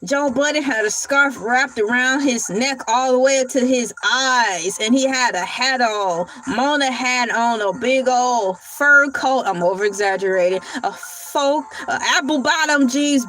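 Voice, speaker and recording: Sassy high-voiced woman reacting. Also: a little slow, few pauses. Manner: sassy, animated, teasing with exaggerated questions. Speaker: podcast reaction commentator. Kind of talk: casual reaction commentary.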